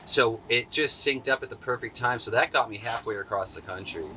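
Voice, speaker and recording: A man's voice: mid-range voice, brisk, slight background noise. A man telling a long personal story in a casual, slangy way, acting out what people said in a raised voice. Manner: animated, acts out quotes in a raised voice; laid-back, slangy. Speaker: interview guest.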